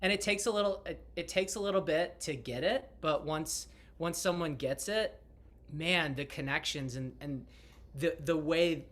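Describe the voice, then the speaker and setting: Soft-spoken, enthusiastic male guest. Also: fairly high pitch, normal speed. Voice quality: soft, enthusiastic, searching for words. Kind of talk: casual video chat.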